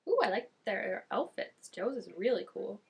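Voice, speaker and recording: A young woman giving casual, chatty reaction commentary, expressive and quick with asides. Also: medium pitch, creaky, slightly rough. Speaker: reaction vlogger.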